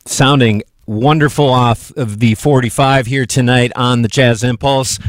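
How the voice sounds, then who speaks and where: A man's voice: mid-range voice, unhurried, no echo. A man hosting a live jazz radio show, chatting casually with lots of fillers and asking listeners for donations. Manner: relaxed, chatty, loose with fillers. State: a bit out of breath. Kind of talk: live radio DJ patter and pledge drive. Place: radio studio.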